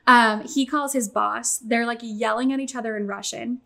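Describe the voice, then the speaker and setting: A young adult woman telling a long story in casual chat, animated and swearing, acting out quotes. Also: fairly high pitch, moderate pace, creaky.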